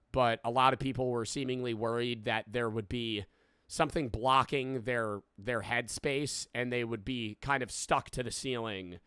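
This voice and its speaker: Bright, crisp young man riffing casually. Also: medium pitch, no echo, clean studio sound. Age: 20s. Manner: rambling, swearing, laughing asides. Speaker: streamer reacting to a video. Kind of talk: casual reaction commentary.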